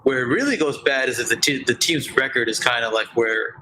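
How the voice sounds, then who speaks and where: A man's voice: mid-range voice, fairly quick, pushed and bright, slight background noise, rough recording. A man joining a casual discussion over a video call, reasoning things out and checking in with "right?" often. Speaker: video chat guest.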